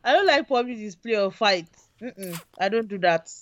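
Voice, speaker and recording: Playful fast-talking woman co-host. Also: mid-range voice, animated, lo-fi sound. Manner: talks fast, apologetic and playful. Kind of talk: casual chat.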